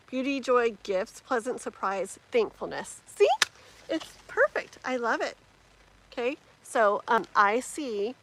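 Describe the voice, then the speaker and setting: A woman's voice: fairly high pitch, a bit bright, poor audio. A woman giving tarot readings on a live stream, chatty and rambling with many fillers and restarts. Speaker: tarot reader.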